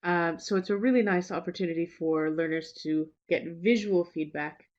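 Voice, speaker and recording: A woman teacher trainer giving a webinar presentation, relaxed and reassuring, with frequent fillers and restarts. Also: lowish voice, normal speed. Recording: slightly dull lo-fi webinar audio.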